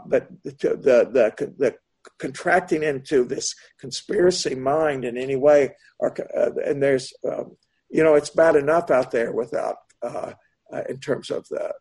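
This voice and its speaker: A man teaching as a Buddhist meditation teacher, answering a question in a slow, searching, meandering Dharma talk. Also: medium pitch, a little mellow, husky.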